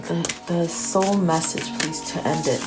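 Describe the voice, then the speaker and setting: A woman with a lowish voice gives a casual tarot reading at a very slow, musing pace. She murmurs her questions to the cards and then reads their messages aloud. Soft music plays clearly underneath. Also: fairly even intonation. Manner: unhurried and musing, with soft fillers. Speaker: tarot reader. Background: background music.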